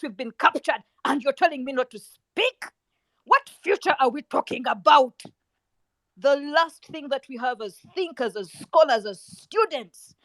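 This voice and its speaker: A Ugandan woman activist giving an impassioned speech to students, emphatic and repeating words for force, swinging between hushed and loud delivery. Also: high-pitched, no echo, rough recording.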